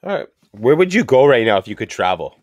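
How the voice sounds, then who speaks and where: A man's voice: mid-range voice, big pitch swings, quick pace, no room sound. A young adult man hosting a casual cigar podcast, rambling and joking crudely as he tells stories. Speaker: podcast host.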